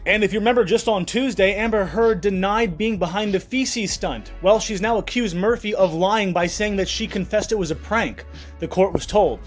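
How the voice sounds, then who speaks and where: Sarcastic woman hosting a profane news vlog. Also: lowish voice. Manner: sarcastic, crude and blunt. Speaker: channel host. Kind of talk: profane comedic news commentary.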